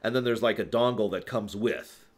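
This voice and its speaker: Chatty low-voiced male streamer. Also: moderate pace. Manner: rambling, self-correcting, chuckles often. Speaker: streamer answering viewer questions. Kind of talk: casual live-stream Q&A.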